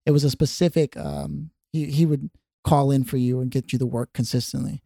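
An animated man chats as a podcast co-host in an ordinary mid-range voice. He laughs easily and slips into quick impressions. The sound is dry and close. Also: medium pitch, creaky, no echo. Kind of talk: casual chat.

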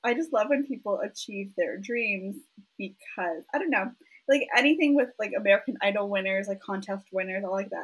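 Woman, husky voice, podcast co-host, casual chat, self-deprecating. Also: medium pitch, brisk, poor audio. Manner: self-deprecating, apologetic, giggly.

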